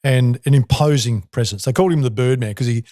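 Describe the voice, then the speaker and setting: A man's voice: mid-range voice, fast talker, dry recording, clean studio sound. A man in his sixties with an Australian accent, a former athlete telling colourful stories as the guest in a podcast interview. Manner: animated, colourful storyteller. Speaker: guest, former basketball player.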